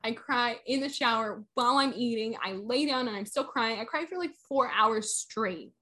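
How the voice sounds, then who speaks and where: A woman's voice: a little high, moderate pace, bright, forceful tone. A young woman in casual chat, animatedly retelling a story and acting out the quotes.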